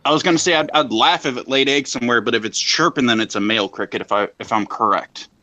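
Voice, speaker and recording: A man's voice: mid-range voice, quick pace, sharp tone, lo-fi sound. A man in casual livestream chat, teasing and laughing, with mock-religious jokes. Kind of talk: crude joking livestream chat.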